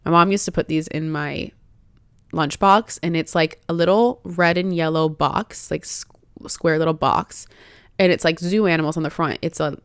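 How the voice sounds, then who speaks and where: A woman in her twenties hosts a candid personal podcast, chatting heartfeltly with many "like" fillers and turning tearful and emotional at times. Her voice sits low, at normal speed, with a clean tone on a dry recording.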